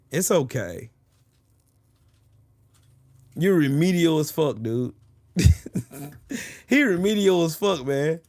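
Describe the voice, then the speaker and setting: Mocking, trash-talking man, slightly high voice. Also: animated, takes it slowly, pauses often, darkish tone, no room sound, clean studio sound. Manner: taunting, mocking, repeats his jabs; profane, boastful. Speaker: streamer arguing with chat. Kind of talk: livestream trash talk.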